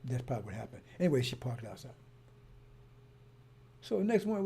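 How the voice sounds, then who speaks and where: A man telling a long story in a rambling way, circling back and repeating himself, then turning heated. His voice is gravelly and husky, with a dark, mellow tone. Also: mid-range voice, very animated, brisk. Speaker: broadcaster. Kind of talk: casual monologue.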